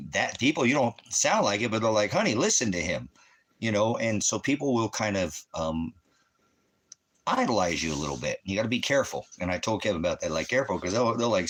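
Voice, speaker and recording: A man's voice: lowish voice, fairly bright tone. A man in his fifties from the United States, talking at home in a loose, swearing, rambling monologue. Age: 50s. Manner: profane, ranting, loose and rambling. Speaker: channel host.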